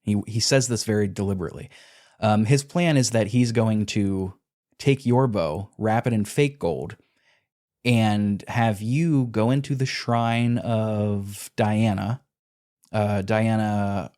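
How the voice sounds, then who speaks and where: A man's voice: lowish voice, slow pace, a little mellow. A man on a podcast, casually retelling video game quests and acting out character lines as he goes. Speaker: podcast co-host.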